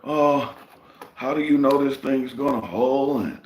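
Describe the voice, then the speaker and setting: A man's voice: mid-range voice, a little slow, a little mellow, roomy sound, a little hiss or hum, pitched above the performer's own voice, natural voice, low-quality recording. A man mimicking a fussy, skeptical preppy male engineer in a whiny, questioning voice.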